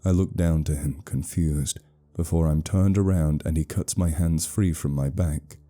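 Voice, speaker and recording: Deep, dark-voiced male horror narrator. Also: fairly even intonation. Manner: measured, somber storytelling. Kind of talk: scripted first-person horror narration. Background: faint music.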